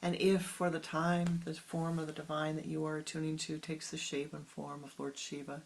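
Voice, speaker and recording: A spiritual teacher giving a meditative sermon, speaking slowly and softly, often sinking into a whisper, with long pauses. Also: medium pitch, monotone, gravelly. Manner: slow, soft, often dropping into whispers; unhurried with long pauses, halting restarts.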